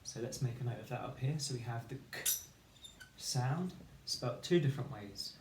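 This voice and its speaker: A male primary teacher leads a phonics lesson, speaking in a clear, encouraging voice and drawing out each letter sound slowly. His voice is recorded in a roomy space with a noticeable echo. A faint hiss sits underneath. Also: mid-range voice, lively intonation.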